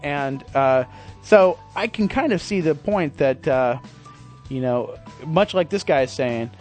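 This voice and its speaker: A man talking through a casual podcast monologue, rambling and poking fun at himself, with a voice pitched a bit higher than most men. He swears freely as he goes, and faint music sits under his voice. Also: lively intonation, unhurried, a little mellow. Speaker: podcast host.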